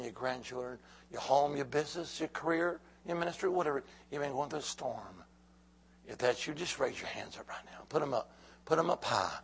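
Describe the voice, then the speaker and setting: A man preaching a sermon, calling out to the church, swinging from hushed lines to loud shouts. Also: mid-range voice, slightly rough.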